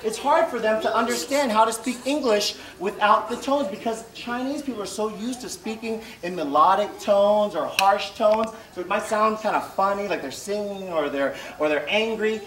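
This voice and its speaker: A male comedian on a live stage, barking out instructor commands and swooping through exaggerated, sing-song tones. His voice sits fairly high and leaps all over the place. He is picked up from a distance in an echoey venue, with a loud crowd behind him. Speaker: stand-up comedian. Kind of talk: stand-up comedy with audience participation.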